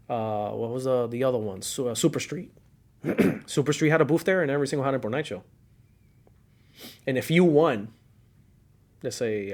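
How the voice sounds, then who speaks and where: A middle-aged man with a Cuban accent hosting a casual podcast, telling old car-scene stories with lots of laughter and acted-out quotes. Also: medium pitch. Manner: animated storyteller, laughs often, acts out quotes. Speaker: podcast host.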